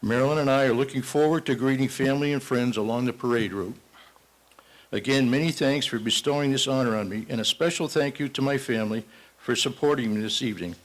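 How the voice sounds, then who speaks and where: An older man from Massachusetts delivers a parade marshal's speech in a banquet hall. He talks in a folksy, self-deprecating way with chuckling asides, his voice sitting at an ordinary middle pitch. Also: fast. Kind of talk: ceremonial speech with a told joke.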